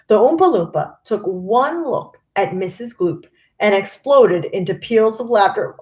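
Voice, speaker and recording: A woman teacher reading a children's chapter book aloud expressively. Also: medium pitch. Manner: expressive, unhurried. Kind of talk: storybook read-aloud.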